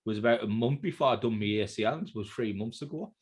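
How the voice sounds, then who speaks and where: A man's voice: fairly low pitch, quick pace. A man, co-hosting a podcast, trading blunt, swearing banter over beers. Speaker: podcast co-host. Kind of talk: casual chat over beers.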